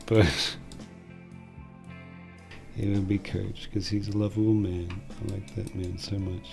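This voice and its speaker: An Australian man rambles through a joking, self-mocking rant on his own channel. His voice is low and gravelly with a mellow tone, and faint guitar music plays behind him. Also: steady tone, unhurried, pauses often. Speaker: channel host. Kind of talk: casual comedic rant.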